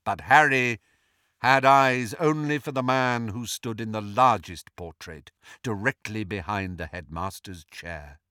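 A man reading a fantasy novel aloud as an audiobook narrator, with expressive, measured storytelling. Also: lowish voice, clean tone, dry recording, studio quality. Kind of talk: scripted narration.

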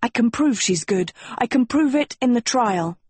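A woman's voice: on the high side, lively intonation, moderate pace, a little mellow, slightly rough, dry recording, pitched above the performer's own voice. A woman voicing a proud but anxious young prince who speaks earnestly and defensively. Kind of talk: audiobook character voice.

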